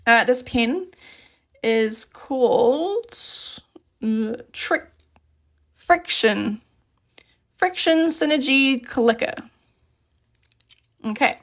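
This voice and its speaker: A woman teaching a relaxed, chatty live grammar lesson and reading out questions from chat as she writes on paper at her desk. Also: a little high, extremely slow, pauses often. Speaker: Korean language teacher.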